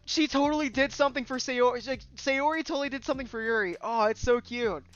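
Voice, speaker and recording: A man streaming a game and reading it aloud, excitable and expressive, laughing often. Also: very high voice, fast talker, clear, resonant tone. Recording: dull sound with faint music.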